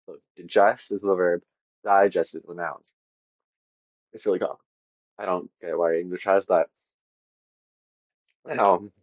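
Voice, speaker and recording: Very deep-voiced man explaining phonetics. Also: darkish tone, dry recording, dull audio. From half Latvian. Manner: self-deprecating, casual asides. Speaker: educational video host. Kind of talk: informal lesson narration.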